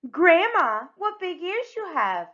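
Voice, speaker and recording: A woman's voice: high voice, sing-song, normal speed, sharp tone, highs cut off, voice pushed up, exaggerated voice. Woman doing an earnest storybook girl. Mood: chirpy earnest. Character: eager, rule-following young girl in a storybook.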